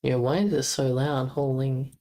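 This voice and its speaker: A woman's voice: rumbling low, steady tone, moderate pace, dark tone. A woman streaming casually, repeating German words aloud as she practices pronunciation and blurting out casual exclamations. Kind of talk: casual live-stream chat.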